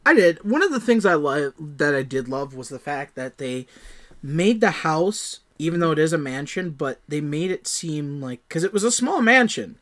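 A man with a fairly high, very lively voice talking through a movie in a casual podcast chat. He often hesitates and restarts, and acts out his own reactions as he goes. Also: normal speed. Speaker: film podcast co-host.

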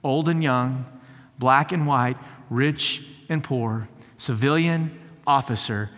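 A man's voice: mid-range voice, slow pace, fairly bright tone. A man, a lead teaching pastor, preaching a sermon in a conversational storytelling way that builds to fervent emphasis, with frequent repeated words. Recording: long hall reverb.

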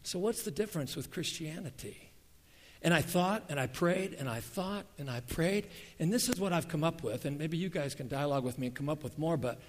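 A male pastor preaching a sermon, moving between emphatic, rising passages and hushed, quiet ones. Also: a little high, expressive, a little fast. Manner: emphatic, swinging from loud to hushed. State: emotional, near tears. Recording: reverberant hall.

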